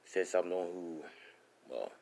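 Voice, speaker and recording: A man voicing a stern, low demon dad. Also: measured pace, a little mellow. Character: stern demon father of a teen son.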